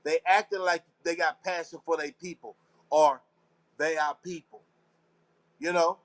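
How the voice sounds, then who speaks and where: High-voiced man ranting. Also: steady tone, measured pace. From Texas. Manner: rambling, conspiratorial, preachy, talks to the audience; slangy, repeats phrases. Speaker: show host. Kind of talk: casual live talk show monologue.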